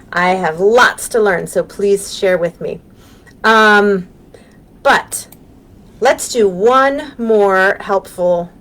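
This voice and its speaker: Lively American woman teaching little kids. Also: medium pitch. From United States. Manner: gentle and encouraging, with frequent ums. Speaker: children's librarian. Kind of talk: live storytime lesson for young children. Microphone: webcam on a live stream.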